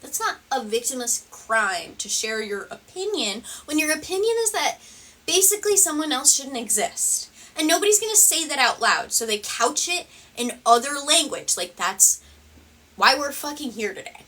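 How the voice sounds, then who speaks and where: A woman hosting a reaction commentary, talking in a sarcastic, rambling way and swearing as she goes. Her voice sits a bit high and sounds bright. She is set back a little from the microphone. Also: sing-song, normal speed, far from the mic. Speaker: commentary video host.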